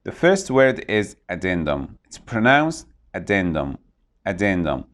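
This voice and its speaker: A man with a fairly low voice runs an English vocabulary lesson, his pitch swinging up and down as he explains. He says each new word slowly and repeats it so learners can copy the pronunciation. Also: very animated, fairly bright tone.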